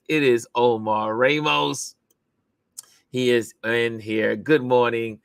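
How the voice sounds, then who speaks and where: An upbeat, chatty man hosts a casual live stream and laughs easily between his words. His voice sits at an ordinary pitch, and the sound is dry and close, with no room echo. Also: steady tone, slow, gravelly, clear, resonant tone. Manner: upbeat, chatty, laughs often while greeting viewers. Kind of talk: casual chat.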